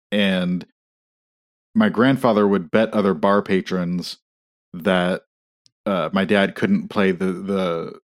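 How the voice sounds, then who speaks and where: A man from Indiana, whose voice sits a little low, drifts through a casual story on a podcast. He laughs partway through his own sentences. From Indiana, USA. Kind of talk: casual anecdote.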